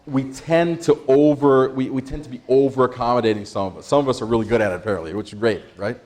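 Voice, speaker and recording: A man presenting an interactive workshop, energetic, quizzing the audience and laughing often. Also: mid-range voice, fast. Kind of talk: interactive stress-management workshop.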